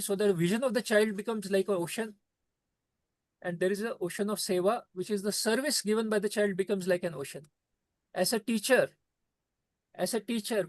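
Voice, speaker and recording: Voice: mid-range voice, no echo. A trainer gives an earnest, repetitive talk to teachers over a video call. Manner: repetitive, emphatic, preachy phrasing.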